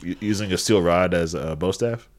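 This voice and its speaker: A man's voice: sits low, normal speed. A man in casual conversation retelling a movie plot with dry, sarcastic remarks. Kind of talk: casual movie recap chat.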